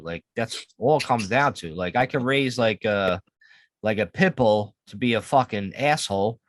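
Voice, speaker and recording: A man co-hosting a podcast in relaxed casual chat, rambling and swearing. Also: lowish voice, normal speed, no echo. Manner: laid-back, profane, rambling. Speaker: podcast co-host.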